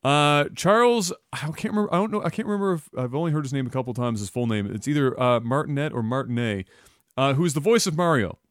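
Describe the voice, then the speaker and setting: A man's voice: mid-range voice, expressive, fast, dry recording, studio quality. A man co-hosting a gaming podcast, talking casually, rambling and swearing freely as he tells stories. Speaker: podcast co-host. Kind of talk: casual chat.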